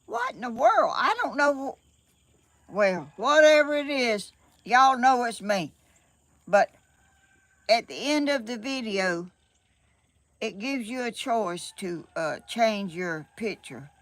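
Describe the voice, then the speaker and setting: A woman's voice: on the high side, animated, slow, pauses often, dry recording. An older woman with a Southern US accent, chatting casually and a bit flustered on a live stream from her home, laughing often. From Georgia, USA. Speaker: vlogger. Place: home, sunny room.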